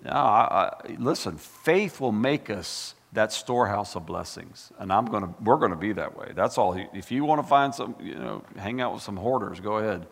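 A man preaching a sermon as pastor, fired up and animated, full of folksy asides and repeated words. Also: on the low side, normal speed, gravelly, hardly any pauses, big-room sound. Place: church sanctuary.

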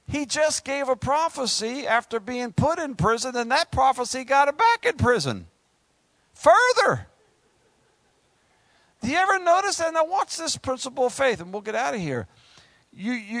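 A man gives a joking, conversational sermon, slipping into acted-out asides and working himself up into high, excited preaching. The clip has no room sound.

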